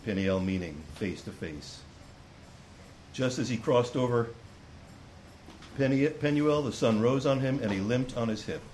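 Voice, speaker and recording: A man's voice: mid-range voice, lively intonation, measured pace, long pauses, a little mellow, a little hiss or hum, rough recording. A man preaching a sermon to a congregation, reading scripture aloud and explaining it with earnest restarts. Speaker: pastor.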